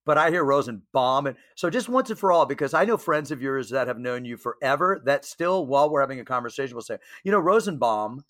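A man co-hosting a podcast, talking casually in halting, filler-heavy bursts. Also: medium pitch, animated, a bit bright, no echo, studio quality. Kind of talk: casual chat.

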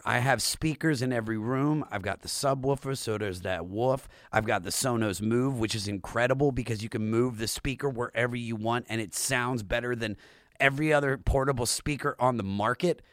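A man's voice: mid-range voice, no room sound, studio quality. A man hosting a podcast, chatty and enthusiastic, with jokey asides and a host-read ad. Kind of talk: casual interview chat and host-read ad.

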